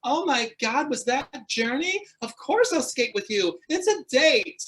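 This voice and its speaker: A man's voice: very high voice, very animated, unhurried, a bit bright, pitched above the performer's own voice, heavily acted. A man voicing a bubbly teenage girl accepting a date. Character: cheerful teenage cheerleader girl.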